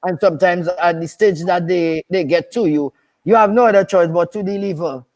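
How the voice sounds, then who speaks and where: A woman's voice: lowish voice, normal speed, darkish tone. An older woman, a nurse and midwife from Dominica, chatting as a radio guest in an emphatic way, firmly repeating her no's. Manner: emphatic, repeats herself, firm "no, no, no". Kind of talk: casual radio chat.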